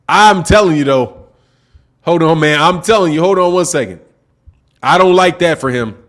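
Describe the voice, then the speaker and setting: Male stream host, high voice, emphatic slangy rant, repetitive, reacting to chat. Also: moderate pace, a bit bright. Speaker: boxing channel host. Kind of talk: casual live-stream commentary.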